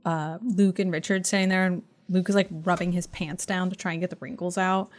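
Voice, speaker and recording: A woman's voice: lowish voice, fairly quick. Giggly woman podcast co-host. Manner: animated, giggly, acts out quotes. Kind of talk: casual chat recapping a TV episode.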